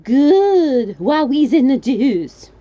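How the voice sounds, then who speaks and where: Brief: bumbling French man voiced by a woman narrator, slow broken English, raised pitch, muffled recording. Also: big pitch swings, dark tone, dry recording, exaggerated voice. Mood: insistent. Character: confused middle-aged French man above a well.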